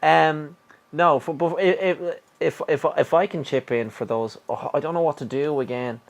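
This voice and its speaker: A man's voice: on the high side, gravelly. Stammering Irish man gaming. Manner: halting, stumbles and restarts a lot. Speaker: let's-play co-host. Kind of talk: casual gaming chat.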